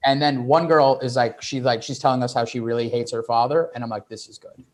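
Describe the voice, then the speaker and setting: A man's voice: mid-range voice, steady tone, brisk, noisy background. A man telling a loose, laughing story on a comedy podcast and slipping into put-on voices. He is from the United States. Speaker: comedian guest.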